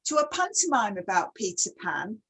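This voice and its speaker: Chatty woman host with a breathy, lively voice. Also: medium pitch, moderate pace, rough recording. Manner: chatty, asks many questions. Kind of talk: casual online chat.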